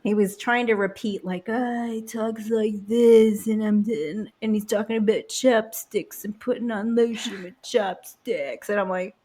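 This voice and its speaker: A woman co-hosting a casual podcast who tells stories in an animated way and laughs often. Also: mid-range voice, normal speed, hardly any pauses. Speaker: podcast co-host. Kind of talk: casual chat.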